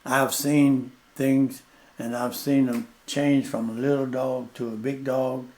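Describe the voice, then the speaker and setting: An older man, a plainspoken interview guest telling stories slowly and repeating his points. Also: mid-range voice, flat delivery, a little mellow. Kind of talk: storytelling in casual conversation.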